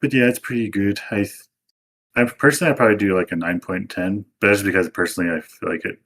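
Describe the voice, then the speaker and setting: A young man co-hosting a podcast, explaining an anime in relaxed casual chat with hesitant ums. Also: fairly low pitch, fast. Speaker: podcast co-host.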